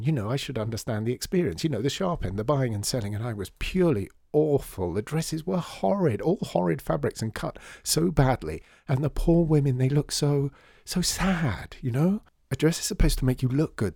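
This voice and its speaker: A man's voice: mid-range voice, dark tone, no echo, clean studio sound, voice pushed up. A man voicing a chatty, scatterbrained young woman who studies fashion, rambling and gushing in a storybook reading.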